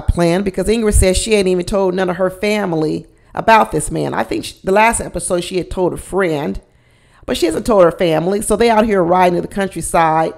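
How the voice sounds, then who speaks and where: A woman's voice: fairly low pitch, creaky. A woman sassily recapping a reality TV episode, with folksy sayings, frequent laughs and acted-out quotes from the cast. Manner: sassy, animated storytelling with folksy sayings; acts out the cast members' quotes and laughs often.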